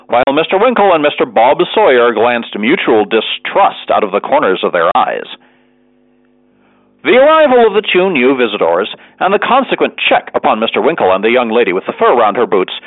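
A man reads a classic story aloud with a very lively, animated voice. The recording is narrow and phone-like, and bone-dry with no room sound. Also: medium pitch, no echo. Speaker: narrator. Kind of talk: audiobook reading of a classic novel.

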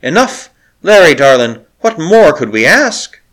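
A man reading aloud voices a young otherworldly handmaiden, gentle and innocent, who speaks with tender wonder. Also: fairly high pitch, big pitch swings, a little slow, voice pushed up.

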